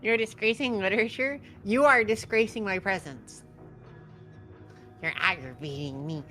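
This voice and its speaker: A woman talks to a live game-stream chat with a bright, forceful tone. She teases and mock-scolds viewers, swearing in jest. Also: medium pitch, moderate pace, faint music behind. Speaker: co-op streaming guest.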